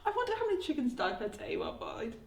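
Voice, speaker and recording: Giggly animated high-voiced woman. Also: fast talker, gravelly, echoey room, background noise. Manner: giggly, animated, easily shocked. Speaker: co-host. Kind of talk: casual chat.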